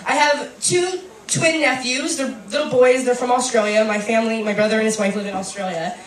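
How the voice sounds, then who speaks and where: A young woman performing stand-up comedy on a club stage, brash, profane and animated. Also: a little high, fairly quick. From United States. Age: young adult. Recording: roomy club, distant mic, faint noise.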